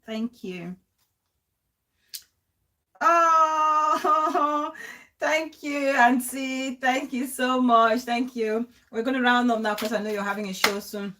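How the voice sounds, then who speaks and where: A woman hosting a live talk show, effusive and quick to affirm, thanking callers and chatting with her viewers. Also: high voice, sharp tone. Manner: effusive, frequent affirmations, laughs often. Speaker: host. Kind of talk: casual live-show chat.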